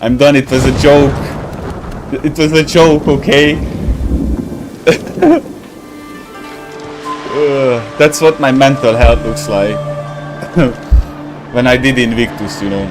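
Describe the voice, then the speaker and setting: Guy streaming a game, talks slow, laughs a lot, rambles, faint music behind. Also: mid-range voice. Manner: laughs often, rambling and joking, searches for words. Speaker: gaming streamer. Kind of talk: casual gameplay commentary.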